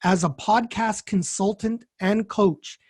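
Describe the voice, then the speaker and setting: A podcast co-host reading a scripted guest introduction in a measured, list-like way. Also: medium pitch, a little mellow, husky, no room sound, studio quality.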